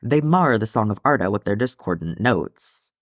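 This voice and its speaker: A man's voice: lowish voice, animated, moderate pace, no room sound, clean studio sound, close to an everyday voice. A man reading the part of a haughty male elf in a disdainful tone.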